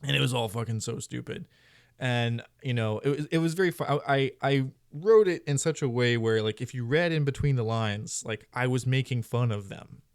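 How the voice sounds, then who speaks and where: A man's voice: medium pitch, normal speed, clear, resonant tone, no echo, studio quality. Rambling, profane man in casual chat. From Florida, US. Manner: profane, rambling, many restarts. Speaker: podcast host. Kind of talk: casual conversation.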